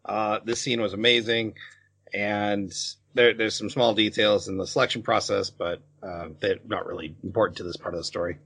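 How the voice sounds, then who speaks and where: A man with a husky, slightly raspy voice co-hosts a casual podcast. He shares his views on an anime in a relaxed way, with a few restarts along the way. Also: lowish voice, moderate pace. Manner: relaxed, with restarts and filler words. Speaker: podcast co-host. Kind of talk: casual review chat.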